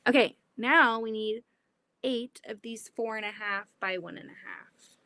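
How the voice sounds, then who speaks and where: A woman hosting a casual livestream while she sews, chatty and animated, often breaking into exclamations. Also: on the high side, unhurried, no room sound. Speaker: livestream host. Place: home sewing room.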